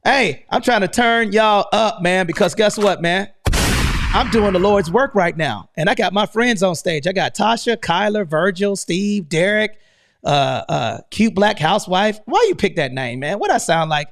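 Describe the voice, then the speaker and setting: A high-voiced American man hosting a live online room with nonstop hype. He pushes every line loud and fast and tags "man" onto almost all of them. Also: lively intonation. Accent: American English. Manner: hyped, loud, keeps saying "man". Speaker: host.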